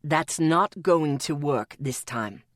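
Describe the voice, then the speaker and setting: A woman voicing a stern, protective man who is centuries old, speaking gruffly in a low, clipped way for an audiobook. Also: expressive, takes it slowly, no echo, clean studio sound.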